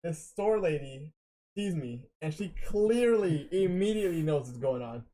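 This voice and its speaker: A man's voice: a little high, animated, normal speed, dark tone, low-quality recording. A young man telling rambling stories on a casual late-night podcast, swearing often. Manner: rambling storyteller, swears a lot. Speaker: guest.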